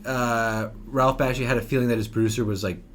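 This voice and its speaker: A man's voice: medium pitch, steady tone, fairly quick, fairly bright tone, slight background noise. A young man co-hosting a film podcast in casual chat, rambling with frequent restarts and fillers. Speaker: podcast co-host.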